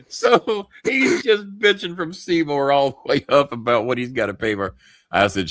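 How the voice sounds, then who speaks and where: A man hosting a talk show, telling a story full of swearing and asides. His voice sits low and comes across forceful and punchy. The sound is dry and close. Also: measured pace, no echo. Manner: profane, animated anecdote-telling. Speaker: show host. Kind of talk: casual storytelling.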